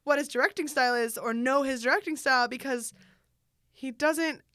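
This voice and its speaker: A young woman co-hosting a podcast in casual chat, animated and laughing often, with lots of filler words. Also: high voice, normal speed, no echo, clean studio sound. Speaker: podcast co-host.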